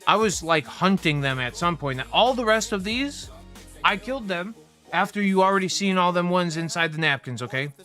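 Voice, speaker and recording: A man's voice: high-pitched, expressive, normal speed, sharp tone, faint music behind. A young man hosting a livestream, ranting casually with heavy profanity and a heated, rambling delivery. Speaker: livestream host.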